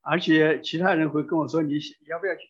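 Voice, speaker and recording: Husky-voiced male interpreter. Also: fairly high pitch, fairly even intonation, quick pace. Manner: fluent, with frequent hesitation fillers. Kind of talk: live sermon interpretation. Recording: dull lo-fi sound.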